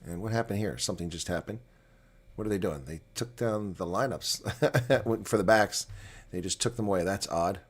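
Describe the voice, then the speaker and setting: Excitable man calling a rugby watch-along. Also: lowish voice, moderate pace, breathy edge. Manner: excitable, swings from quiet asides to loud calls; opinionated, argues with referee calls. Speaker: live watch-along commentator. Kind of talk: live reaction play-by-play commentary.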